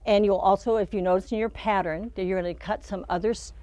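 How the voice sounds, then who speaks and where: Talking fast in a steady, dark, mid-range voice, a middle-aged woman demonstrates a quilting pattern in a shop studio. She's chatty and casual, walking through the steps and laughing off her slips, and the recording has no room sound.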